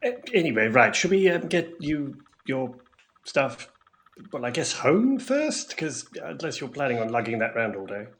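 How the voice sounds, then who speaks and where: A man's voice: medium pitch, big pitch swings, normal speed. A man playing a character in a tabletop game, talking in hesitant, stammering restarts. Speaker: player. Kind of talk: in-character tabletop role-play.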